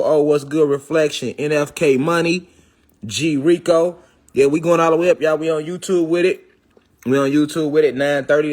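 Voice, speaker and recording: A man in hosts a live phone stream from home. His voice sits a touch high for a man, and he rattles off viewers' names in loose, slangy chat. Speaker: livestream host. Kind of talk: casual livestream chat.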